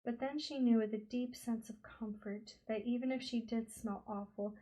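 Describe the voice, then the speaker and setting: A woman reading a novel aloud as an audiobook narrator, slow and expressive. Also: a little high, low-quality recording. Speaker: audiobook reader. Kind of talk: scripted storybook narration.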